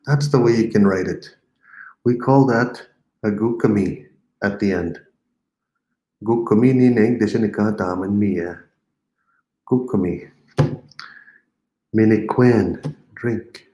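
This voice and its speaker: A man with a lowish voice leads a live-streamed language lesson in an unhurried way. He repeats each word slowly for learners and slips in playful, teasing asides. The room around him sounds echoey. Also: mellow. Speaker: language teacher.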